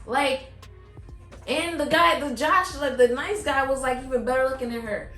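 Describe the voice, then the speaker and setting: A woman's voice: high voice, moderate pace, a bit bright. A woman co-hosting a podcast in casual chat, blunt and sassy, full of "like". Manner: blunt, sassy commentary with lots of "like". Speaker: podcast co-host. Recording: roomy room with faint music.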